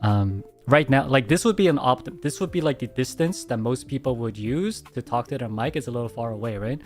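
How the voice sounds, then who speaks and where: A man streamer answering viewer questions in a soft, hesitant casual chat, speaking very close to his mic at home. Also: medium pitch, lively intonation, a little fast, faint music behind. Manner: soft-spoken, hesitant, many restarts.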